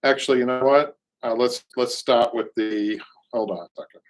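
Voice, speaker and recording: A man's voice: mid-range voice, fairly even intonation, normal speed. A middle-aged man with a Boston accent hosts a live show in casual chat, rambling and reading viewer comments aloud. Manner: rambling, repeats words, reads comments aloud. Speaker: show host, upholsterer.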